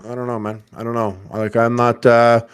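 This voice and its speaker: Hesitant male podcast guest, mid pitch, dry close sound. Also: flat delivery, clear, resonant tone, no echo. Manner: hesitant, musing, halting. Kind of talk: casual chat.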